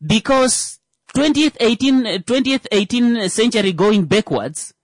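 A man performs a comedic monologue in an animated, playful way. His voice rises and falls a great deal as he riffs, sometimes leaping into mocking voices for his bits. The sound is dry and close, with no room in it. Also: high voice, measured pace, dry recording. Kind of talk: stand-up style comedic monologue.

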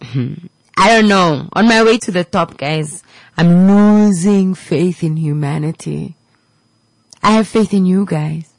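A woman hosts a radio show with a low voice, giving a heartfelt motivational talk to her listeners. She repeats her lines and sinks into near-whispers, and her voice comes across dry and close on a studio mic. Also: slow, no room sound, low-quality recording. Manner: repetitive, preachy, emotional, drops to a whisper at times. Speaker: radio host.

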